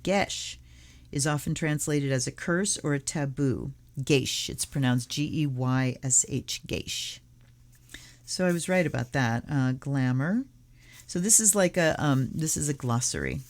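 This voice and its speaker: Soft-spoken woman reading card blessings. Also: sits low. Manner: reads slowly and softly, some card titles half-whispered. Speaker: tarot channel host. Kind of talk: casual unboxing, reading aloud from a card deck and guidebook.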